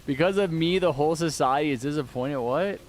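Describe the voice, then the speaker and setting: A man's voice: a little high, fairly quick, a little hiss or hum. Chatty male game streamer. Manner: chatty, reads viewer chat aloud and answers it. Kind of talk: casual live-stream chat.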